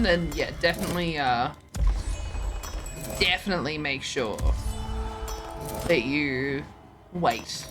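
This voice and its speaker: A tired woman chats to her stream while she plays a card game, joking at her own expense and tripping over her words. Her voice sits a little low but swings up and down a lot. Soft music plays behind her. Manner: chatty, self-mocking, yawning, trips over words. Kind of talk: casual live-stream chat while gaming.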